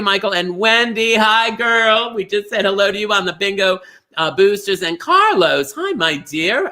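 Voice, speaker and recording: A man's voice: sits high, bright, forceful tone. A man from Minnesota hosting a livestream bingo show, chatty and gushing as he greets viewers by name.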